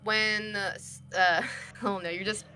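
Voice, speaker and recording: Brief: woman game master, bright and giggly, narrating the scene, faint music underneath. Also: mid-range voice, steady tone, unhurried. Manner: giggly, laughs often while narrating.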